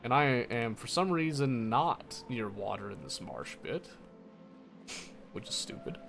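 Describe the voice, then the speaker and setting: A man's voice: medium pitch, expressive, measured pace, vocal fry, over music. A man casually commenting on his own gameplay, muttering to himself and correcting his mistakes as he goes. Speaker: gameplay streamer.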